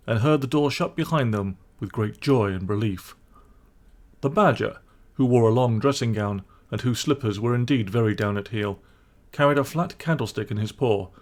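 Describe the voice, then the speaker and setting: Calm man reading a storybook. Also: lowish voice. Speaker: audiobook narrator. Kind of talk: storybook narration.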